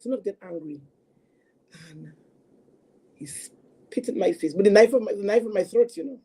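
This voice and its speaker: A woman talking about her own past in a halting, earnest way, often repeating herself as she recounts it. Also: mid-range voice, expressive, dark tone, breathy edge. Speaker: guest sharing a personal story. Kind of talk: emotional personal testimony.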